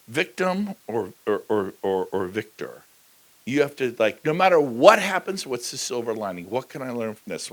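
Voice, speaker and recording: A man giving a high-energy motivational talk at a conference, joking with the crowd and slipping into quick impressions of people. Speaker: keynote speaker. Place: large conference hall.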